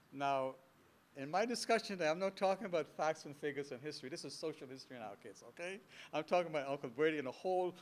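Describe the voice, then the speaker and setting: A Bahamian man in his seventies giving a storytelling history lecture to an audience, animated and full of anecdotes and chuckling asides. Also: fairly high pitch. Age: 70s. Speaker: guest speaker. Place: lecture hall before an audience.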